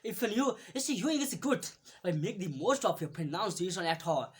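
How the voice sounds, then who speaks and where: A woman teaching English pronunciation in a casual video lesson, halting, repeating each word many times, with frequent fillers. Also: fairly low pitch, very animated, husky.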